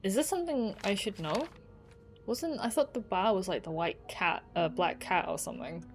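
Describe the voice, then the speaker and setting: A woman's voice: mid-range voice, moderate pace. A woman streamer giving casual commentary as she plays a game, chatty and reactive, laughing often. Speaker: gaming streamer. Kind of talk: casual let's play commentary.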